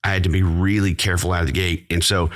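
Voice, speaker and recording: Deep voiced middle aged guy on a parenting podcast, high energy, chatty storyteller. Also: little pitch movement, fast talker. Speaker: podcast host. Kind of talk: casual podcast chat.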